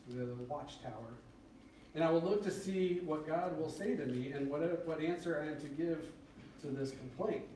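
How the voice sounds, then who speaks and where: A man preaching a conversational sermon, acting out prayers and complaints in a lively, rising voice. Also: a little hiss or hum. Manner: conversational, acts out prayers with rising excited pitch. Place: church sanctuary. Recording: very echoey church from far off.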